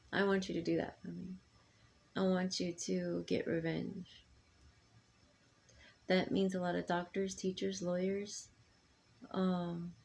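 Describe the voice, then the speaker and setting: A middle-aged woman speaking to her sons in a rambling, halting personal monologue full of ums and restarts. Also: lowish voice, gravelly, darkish tone, a little hiss or hum. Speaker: mother addressing her sons.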